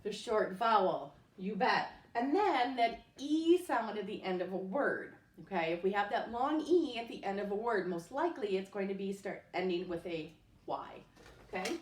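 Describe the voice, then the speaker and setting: A woman's voice: medium pitch, lively intonation, normal speed, recorded from a distance. A woman teaching a recorded spelling lesson at home, patiently sounding out words letter by letter. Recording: echoey room, voice off-mic.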